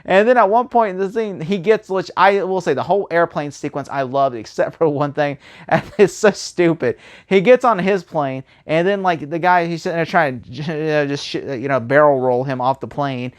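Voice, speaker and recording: Rambling, higher-voiced man reviewing a movie. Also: moderate pace. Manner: rambling, animated, many fillers and restarts. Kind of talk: casual spoken movie review.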